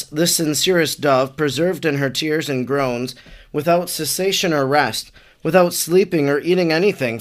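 A man, a priest, reading an old devotional text aloud in a measured, reverent way. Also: on the high side.

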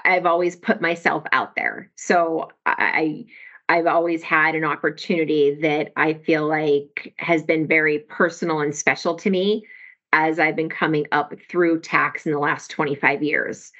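Forties woman, podcast guest, enthusiastic and chatty, lowish pitch, muffled lo-fi sound. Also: steady tone, a little slow, fairly bright tone. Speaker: podcast guest, tax software professional. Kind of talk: podcast conversation.

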